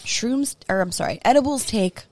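A woman's voice: on the high side, lively intonation, moderate pace, a little mellow. Blunt, profane woman on a podcast. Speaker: podcast co-host. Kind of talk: casual group chat.

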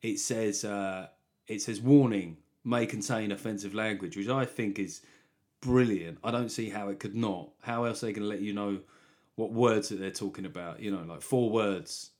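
A man's voice: on the low side, steady tone, normal speed, darkish tone. Rambling man joking solo. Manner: rambling, jokey asides, laughs at own jokes. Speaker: comedy podcast host. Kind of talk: solo comedy podcast monologue.

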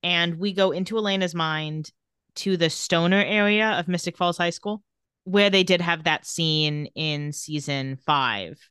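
Speaking a little slowly in a clean, slightly low tone, a female co-host walks through scenes and reads quotes flatly in a casual recap podcast chat. The recording is dry and close, with no sense of a room.

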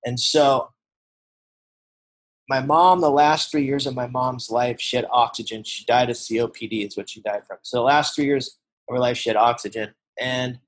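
A man in his forties speaks earnestly in a personal testimony, his voice at an average pitch for a man. He tells the story in an open, conversational way and drops to a hushed tone at the emotional moments. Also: fairly even intonation, normal speed, rough recording. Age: 40s. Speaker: recovery speaker.

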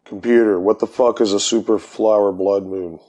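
A man's voice: fairly low pitch, fairly even intonation, normal speed, warm tone, poor audio. A man telling a rambling, profane story as a podcast host, laughing as he talks. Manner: laid-back, profane, laughs through story.

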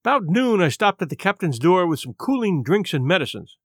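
A man narrating a classic adventure audiobook in the first person, expressive and measured. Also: sits high, husky, dry recording, studio quality.

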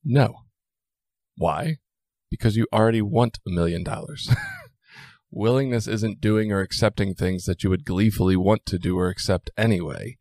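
Casting: man, low gravelly voice, blunt casual podcast co-host who swears freely, dry close mic. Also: normal speed, darkish tone, no echo. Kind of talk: casual chat.

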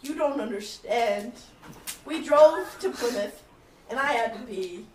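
High, lively woman on a podcast. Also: a little slow, recorded from a distance. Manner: lively, profane, chiming in. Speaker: podcast co-host. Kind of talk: casual chat. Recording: roomy, off mic, faint noise.

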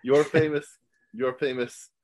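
A man's voice: medium pitch, steady tone, unhurried, a little mellow, slight background noise. A man co-hosting a podcast in casual chat, joking and teasing and laughing often. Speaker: podcast co-host.

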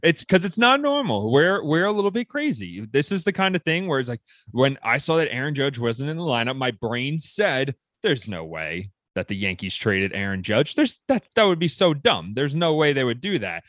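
Brief: excitable male sports co-host, lively and slightly high voice, dry sound. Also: no room sound. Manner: animated, excitable, rapid swings in pitch. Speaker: podcast co-host. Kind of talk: casual sports chat.

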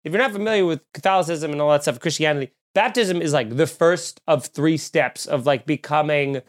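A young man with a somewhat higher-pitched voice co-hosts a loose comedic chat. He riffs with sarcasm and profanity and slips into mock voices as he goes. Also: a little fast. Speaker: podcast co-host.

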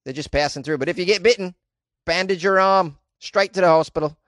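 A man's voice: sits high, fairly quick, fairly bright tone, dry recording. Wisecracking man reading the news. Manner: sarcastic, wisecracking, laughs at own jokes. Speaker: comedic news commentator. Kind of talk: reading news with joking commentary.

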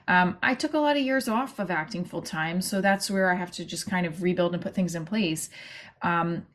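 A woman's voice: fairly low pitch, normal speed. A woman talks on her own podcast in a loose, conversational monologue. She jumps between thoughts, restarts her sentences and adds side remarks as she goes. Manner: chatty and rambling, with many restarts and asides. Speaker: podcast host and actor-comedian.

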